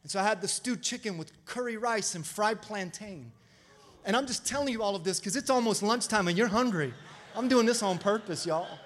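High-voiced preacher working up his congregation. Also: brisk. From Florida. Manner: animated preaching, call-and-response to the congregation. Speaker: pastor. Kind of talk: lively sermon. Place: church sanctuary.

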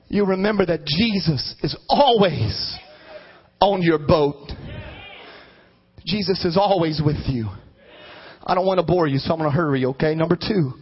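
A man with a strikingly high voice preaches a sermon as a bishop, rising into fervent shouts and then dropping to quiet asides. The recording is dull and lo-fi. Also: breathy edge. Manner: emphatic preaching, swinging from shouts to low asides.

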